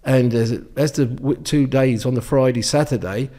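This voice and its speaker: A man's voice: mid-range voice, normal speed, warm tone. An English man in his sixties, a guest telling rambling anecdotes with many ums and restarts in a casual interview. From England. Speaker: guest, former darts champion.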